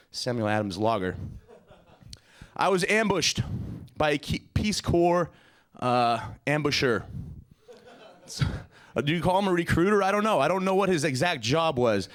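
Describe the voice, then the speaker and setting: A man doing a stand-up comedy set in a profane, ranting way. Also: a little high. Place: comedy stage before a live studio audience.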